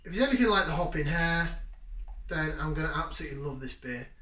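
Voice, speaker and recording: In a noticeably echoey room at home, a beer review channel host chats through a casual review, cracking jokes and bursting into lively enthusiasm. His slightly high voice is bright and forceful, and he talks at a quick pace.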